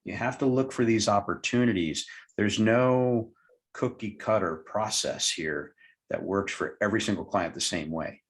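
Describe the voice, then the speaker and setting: A man's voice: fairly low pitch, moderate pace. A man, a hypnotherapist guest, telling a client story in an interview and acting out both sides of the dialogue. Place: lived in Tucson, Arizona.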